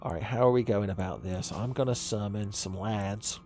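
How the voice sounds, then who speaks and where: A man's voice: lowish voice, moderate pace, warm tone, soft background music. A man hosting a let's play, giving profane, sarcastic gameplay commentary and laughing at his own jokes.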